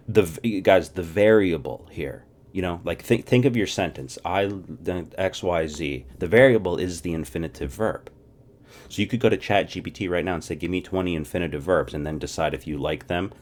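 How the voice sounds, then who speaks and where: A man teaching a casual spoken lesson, drilling short phrases, asking the listener to repeat after him and often clearing his throat. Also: deep voice. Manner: animated, drills phrases and asks viewers to repeat. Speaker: language teacher.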